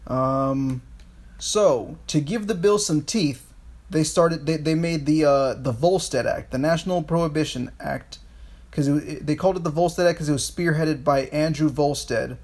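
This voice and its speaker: A man's voice: on the high side, moderate pace, darkish tone. A man co-hosting a podcast, chatting casually about history, rambling with frequent restarts and swearing. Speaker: podcast co-host.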